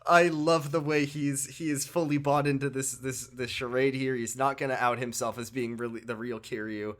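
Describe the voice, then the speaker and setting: A man's voice: mid-range voice, moderate pace. A man co-hosting a podcast, casually retelling a video game story with laughs and acted-out lines. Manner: animated, laughing, acts out characters' lines. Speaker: podcast co-host.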